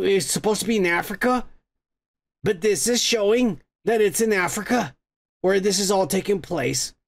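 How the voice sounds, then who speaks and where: Gravelly, foul-mouthed man ranting about a movie. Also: high voice. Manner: profane, rambling, with frequent restarts. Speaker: podcast host. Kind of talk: casual movie review rant.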